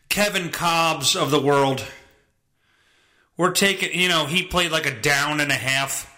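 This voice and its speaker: A man hosting his podcast, ranting casually with lots of profanity and bursts of exasperated shouting. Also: on the high side, reverberant. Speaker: podcast host.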